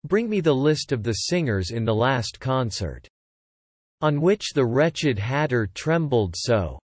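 A man reads a storybook aloud in an expressive way, his pitch rising and falling a lot. His voice sits at mid pitch and sounds dry and close to the mic. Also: husky, no room sound. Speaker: narrator.

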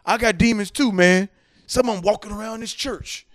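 Brief: high-pitched male podcast co-host, AAVE, animated comic storyteller, dry close mic. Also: moderate pace, no echo. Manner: animated, acts out voices, breaks into shouts and laughter. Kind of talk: comedic storytelling.

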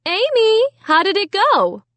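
A woman's voice: very high-pitched, wildly swooping pitch, slow, a bit bright, no echo, pitched above the performer's own voice, exaggerated voice. A woman voicing a mother calling out a question to her daughter in a storybook reading. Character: a girl's mother calling from the kitchen.

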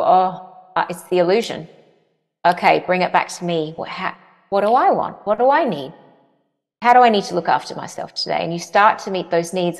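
A woman guest answering interview questions earnestly, often repeating phrases for emphasis. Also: medium pitch. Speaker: parenting guest. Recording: long reverberant echo.

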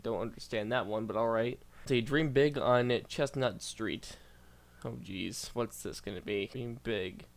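A man's voice: medium pitch, measured pace. A man doing casual reaction commentary as a YouTuber, reading posts aloud, stumbling over words and bursting out in disbelief.

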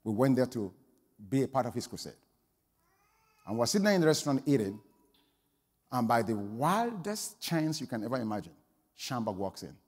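A pastor preaching a sermon, telling a story that swings from quiet asides to loud exclamations. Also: male voice, medium pitch, sing-song, moderate pace, long pauses, husky, big-room sound.

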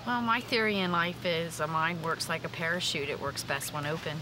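This middle-aged woman talks with a somewhat low voice about her son, supportive and repeating herself for emphasis. Her talk is casual and plain. Clear background noise surrounds her. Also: brisk. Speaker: mother of a gay teen. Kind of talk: casual interview chat. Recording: noisy background.

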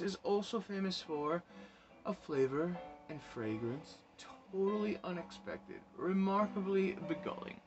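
A man's voice: high-pitched, voice pushed up. A man putting on a playful British accent to read a product label aloud like a grand announcer. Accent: put-on British. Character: mock-British male announcer reading a label. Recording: music playing behind.

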